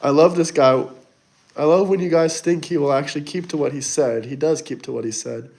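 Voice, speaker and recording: A young adult man from the United States hosts a casual livestream, reading chat and answering viewers bluntly, argumentatively and mockingly. His voice is a little high, gravelly and slightly mellow, and he talks briskly.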